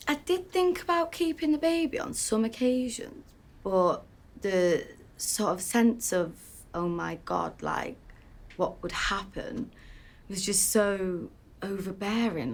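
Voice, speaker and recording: An actress playing a candid young British woman who was raised in a strict family, speaking haltingly with many fillers in a verbatim theatre monologue. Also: mid-range voice, expressive. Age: young adult. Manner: candid, hesitant, full of fillers. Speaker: interviewee recalling her past.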